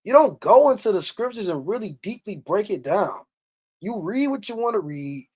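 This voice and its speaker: A man's voice: high-pitched, very animated, normal speed, darkish tone, husky. A man teaching scripture in a blunt, preachy way, who reads verses aloud, explains them with rhetorical questions and scolds his listeners. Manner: blunt and scolding, with mild swearing. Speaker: bible teacher.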